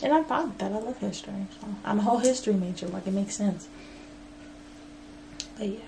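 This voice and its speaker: A woman's voice: mid-range voice, brisk, gravelly, dark tone, a little hiss or hum. A twenty-year-old woman from Virginia, chatting casually to camera as a vlogger and college student, rambling with lots of fillers and slang. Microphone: camera mic.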